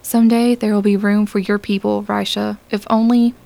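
A woman's voice: medium pitch, level tone, moderate pace, gravelly, warm tone, close to an everyday voice. A woman reading the part of an earnest, idealistic young man in a science fiction audiobook, speaking persuasively.

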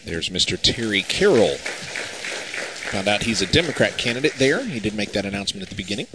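Male radio announcer, deep lively voice, distant and noisy. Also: fairly quick. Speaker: radio broadcaster. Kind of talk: live event commentary.

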